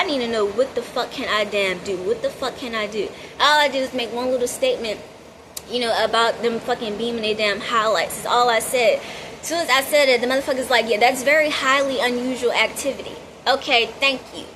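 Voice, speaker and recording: A woman vlogger rants to her viewers in a heated, profane monologue, driving her points home by saying them again and again. Her voice sits a little high for a woman. Steady background noise runs under the whole recording. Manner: profane, emphatic, repetitive.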